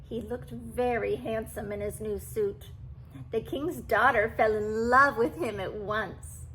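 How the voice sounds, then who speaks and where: An older woman reading a classic storybook aloud to children, animated and stopping for asides to the listener. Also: on the high side, takes it slowly, a little hiss or hum, rough recording.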